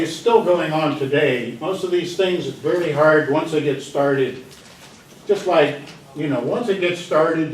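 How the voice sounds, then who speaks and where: A man lectures to a class, wandering off into jokes and acting out his examples with barks and little voices. His voice sits at an ordinary middle pitch. He sounds set back from the microphone in an echoey lecture hall, with a faint hiss underneath. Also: distant mic. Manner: digressive and joking, acts out examples with barks and voices. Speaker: psychology lecturer. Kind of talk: university lecture.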